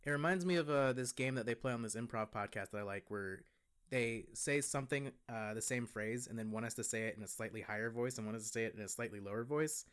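A man's voice: medium pitch, fast, fairly bright tone, clear, resonant tone. Easygoing young man rambling on a podcast. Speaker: podcast co-host. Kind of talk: casual podcast chat.

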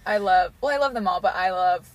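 A woman's voice: mid-range voice, no room sound. A young woman, a podcast guest, chatting casually with many fillers. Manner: chatty, fast, lots of fillers. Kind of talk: casual chat.

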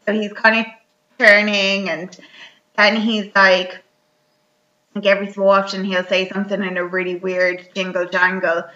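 A young woman recapping a film in casual chat, telling it lively and full of "like". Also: medium pitch, moderate pace. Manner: chatty, lively retelling full of "like" and quoted lines. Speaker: podcast co-host. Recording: echoey room, slightly dull sound.

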